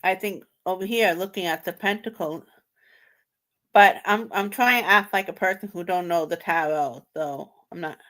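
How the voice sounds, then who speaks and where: A woman hosting a tarot video, reacting to a clip and thinking aloud in halting, repetitive phrases with loose grammar. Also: fairly low pitch, a bit bright. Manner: halting, repeats herself, broken grammar. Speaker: tarot reader host. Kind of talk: casual thinking-aloud commentary.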